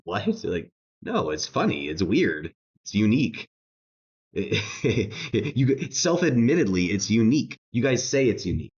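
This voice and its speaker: A man's voice: fairly low pitch, muffled recording. A man streaming a reaction rant, mocking and laughing as he talks, swearing and repeating himself.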